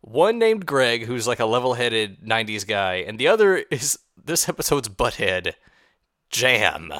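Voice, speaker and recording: A man co-hosting a podcast, sarcastic and animated, swearing and mocking an episode in casual chat. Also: medium pitch, measured pace, no room sound, studio quality. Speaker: podcast co-host.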